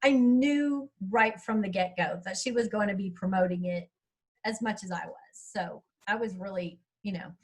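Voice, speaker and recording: A middle-aged woman talks in a loose, rambling, chatty way. Her voice sits at an ordinary middle pitch for a woman. She is recorded over a video call. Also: moderate pace, husky, rough recording. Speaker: author speaking at a writers' workshop. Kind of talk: casual chat.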